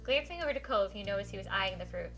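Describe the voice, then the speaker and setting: Brief: woman game streamer, bright tone, fairly high voice, giggly read-aloud, faint music behind. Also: fast talker. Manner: giggly, animated, reads text aloud and reacts. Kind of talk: live-streamed visual novel playthrough, reading aloud.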